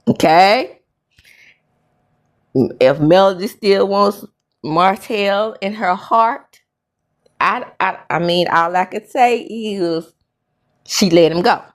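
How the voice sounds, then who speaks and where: Slow-talking sassy woman recapping reality TV. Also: lively intonation. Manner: sassy, blunt, drawling with sudden high exclamations. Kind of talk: casual reality show recap commentary.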